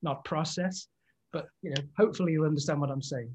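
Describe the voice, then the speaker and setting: A man's voice: a little high, racing, darkish tone, slight background noise. An English man in his sixties, a podcast guest, talking politely and in a friendly way, stumbling a bit at the start of sentences. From England. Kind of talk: casual interview chat.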